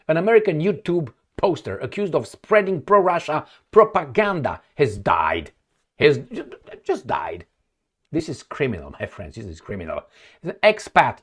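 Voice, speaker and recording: Guy ranting over news articles, kinda high voice, super animated, loud then muttering. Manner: indignant, emphatic, swings between loud outbursts and mutters. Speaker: political commentator.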